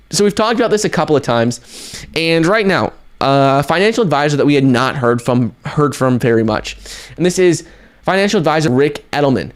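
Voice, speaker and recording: A man hosting a casual crypto news video in a fairly high, upbeat voice. He talks energetically in quick runs, with fillers and self-corrections along the way. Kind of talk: casual news commentary to camera.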